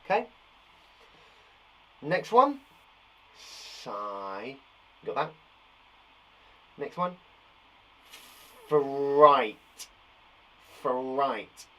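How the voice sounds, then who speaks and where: A man's voice: mid-range voice, huge pitch swings, extremely slow, long pauses, fairly bright tone. A man teaching a phonics lesson to young children online, upbeat and playful, joking and praising often. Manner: upbeat and playful, sings and jokes.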